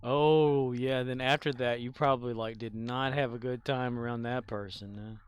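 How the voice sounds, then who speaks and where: A man's voice: medium pitch, steady tone, moderate pace, clean tone. A man chatting casually on a stream, reacting with short comments and laughter. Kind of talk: casual chat.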